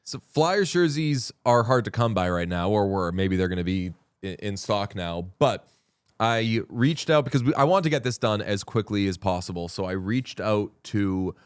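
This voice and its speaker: A man's voice: fairly low pitch, animated, moderate pace, clear, resonant tone, no room sound, clean studio sound. A man hosting a casual sports podcast chat, rambling and correcting himself as he jokes around. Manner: rambling, self-correcting, jokey. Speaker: podcast host.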